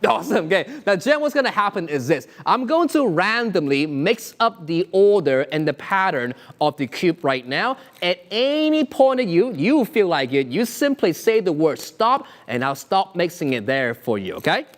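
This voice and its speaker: A man's voice: high-pitched, very animated, moderate pace, few pauses. A man performing an interactive online magic show, full of upbeat showman patter and frequent chuckles.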